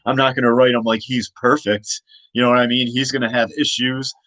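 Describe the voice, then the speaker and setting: A man's voice: mid-range voice, little pitch movement, brisk, fairly bright tone, no room sound, poor audio. Rambling man, dry close sound. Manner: rambling, many restarts and laughs. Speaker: comic creator. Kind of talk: casual rambling monologue.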